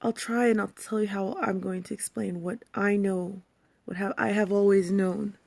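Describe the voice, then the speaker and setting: Soft-spoken woman with a gravelly edge. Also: mid-range voice, fairly even intonation, no room sound. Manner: emotional, halting, drops to near-whispers. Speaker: vlogger. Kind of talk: personal reflective vlog.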